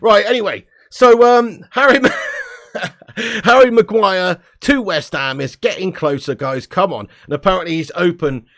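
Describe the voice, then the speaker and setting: A man's voice: high-pitched, a little slow, a bit bright. A man hosting a casual live-stream fan show, blunt and sweary, laughing between rants.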